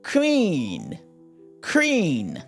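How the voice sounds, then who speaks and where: Slow Haitian-accented woman teaching letters. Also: fairly low pitch, huge pitch swings, gravelly, faint music behind. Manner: slow, repeats words, switches between English, French and Creole. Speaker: language teacher. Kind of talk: alphabet lesson for learners.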